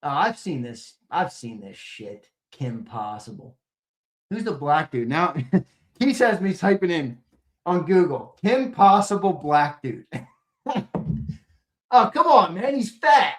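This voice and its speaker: Profane, excitable male sports show host. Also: fairly high pitch, takes it slowly, pauses often. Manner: profane, excitable ranting with sudden loud outbursts; jokey banter, reacting to comments and laughing. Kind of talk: casual livestream chat with viewers.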